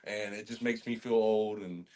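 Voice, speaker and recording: A man in his twenties, a college football lineman, telling lively stories with laughs and swearing as a podcast guest. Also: fairly low pitch, normal speed, background noise. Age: 20s. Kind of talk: casual podcast chat.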